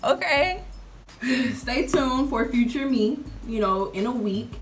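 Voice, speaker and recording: A woman's voice: fairly high pitch, expressive, slow pace, slight background noise. A young woman, chatting to camera in a casual, playful way and calling her viewers y'all. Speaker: vlogger reviewing a product.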